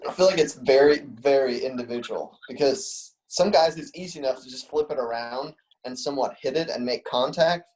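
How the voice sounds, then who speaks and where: A man's voice: medium pitch, a little fast, hardly any pauses, a little mellow, slight background noise, low-quality recording. A man guesting on a podcast, explaining a golf point thoughtfully. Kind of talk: casual podcast chat.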